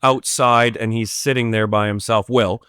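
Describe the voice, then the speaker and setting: A man's voice: lowish voice, steady tone, moderate pace, a bit bright, clean tone, no room sound, clean studio sound. Casual man recapping a film. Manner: rambling, filler-heavy plot retelling. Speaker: podcast guest.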